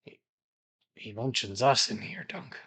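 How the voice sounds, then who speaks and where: A man voicing a blunt, gruff male adventurer companion who stammers and trips over his words. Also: fairly low pitch, unhurried, fairly bright tone. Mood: agitated. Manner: stammering, agitated speech.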